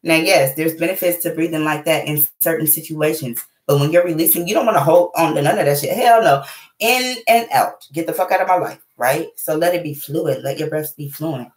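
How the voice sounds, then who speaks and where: A woman hosting her own channel, giving blunt, profane life advice in a casual, animated livestream. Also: low-pitched, fairly quick, few pauses. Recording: echoey room.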